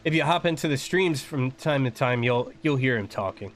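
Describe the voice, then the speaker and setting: A man's voice: mid-range voice, animated, moderate pace, faint music behind. An American man streaming a game and chatting casually, rambling and laughing often. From United States. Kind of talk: casual chat while gaming.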